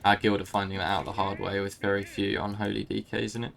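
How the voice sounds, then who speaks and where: A man leading a game raid over voice chat, calm and organizing, with polite fillers. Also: fairly low pitch, quick pace, creaky, a crowd in the background. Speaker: raid leader. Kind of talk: casual voice chat.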